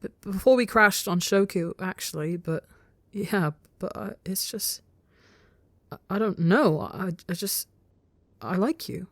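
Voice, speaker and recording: A woman's voice: medium pitch, unhurried, dry recording. A woman voicing a shy, stammering young male insect-like creature who talks hesitantly and flustered.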